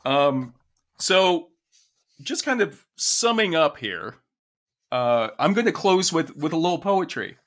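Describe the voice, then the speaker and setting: Halting, chatty male podcast co-host. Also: fairly high pitch, big pitch swings, fairly bright tone. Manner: halting, restarts phrases, reads poetry aloud. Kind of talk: casual conversational podcast chat.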